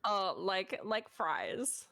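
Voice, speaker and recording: A woman's voice: mid-range voice, animated, extremely slow, vocal fry, pushed and bright. A woman chatting casually on a stream, laughing often.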